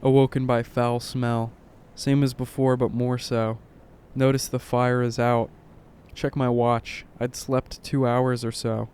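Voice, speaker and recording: A man reading a horror story aloud in short clipped lines, keeping his voice low and subdued. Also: a little mellow, a little hiss or hum. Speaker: narrator.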